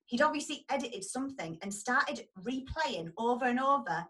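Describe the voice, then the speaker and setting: A woman tells a story in a casual, lively way and acts out the people in it. Her voice is bright and forward, and she sits a little away from the microphone. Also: fairly high pitch, moderate pace, far from the mic, rough recording. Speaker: dog groomer telling a story.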